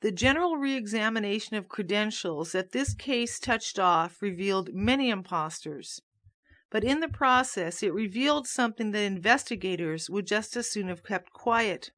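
A woman reading aloud from a nonfiction book in a steady, measured way. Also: mid-range voice, no echo.

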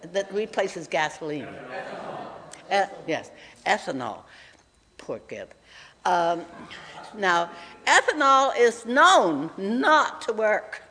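A woman in her nineties, speaking earnestly and emphatically in an interview, slowly repeating key figures. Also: mid-range voice, a bit bright, big-room sound. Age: 90s. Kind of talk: conversational interview.

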